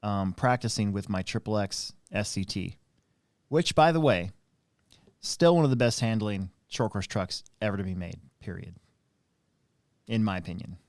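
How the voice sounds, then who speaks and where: A man with a lowish voice chats on a live stream, recorded dry and close with no room sound. He rambles through anecdotes, stopping and restarting, filling gaps with "um" and "like". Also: normal speed, pauses often, dry recording. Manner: rambling anecdotal storyteller, many fillers. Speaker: host and RC track operator. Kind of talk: casual live-stream chat.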